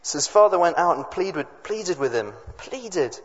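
A man's voice: high voice, very animated. Man preaching in an echoey hall. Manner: chatty, talks straight to the children, quick asides. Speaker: preacher at a family service. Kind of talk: reading and explaining a Bible story to children and parents. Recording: echoey hall, dull lo-fi sound, faint noise.

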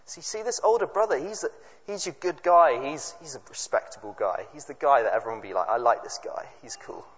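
A man at a family service, reading a Bible story aloud and explaining it to the children in a chatty way, with quick asides to the audience. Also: on the high side, expressive. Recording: echoey hall, dull lo-fi sound, faint noise.

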